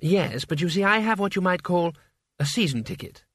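A man's voice: sits high, animated, normal speed, a bit bright, husky, voice pushed up, heavily acted. A man voicing a small, cheerful old monk who speaks placidly and pleasantly in an audiobook reading.

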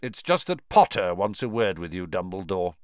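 A man voicing a gruff, blunt older male fighter with a growling voice. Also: deep voice, very animated, moderate pace, no room sound, studio quality.

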